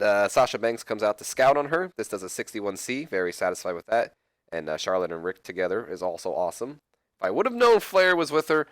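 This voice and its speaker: Man, let's play host, casual rambling commentary, fairly low voice, dry close sound. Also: a bit bright, dry recording. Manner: rambling, self-correcting, joking asides to viewers.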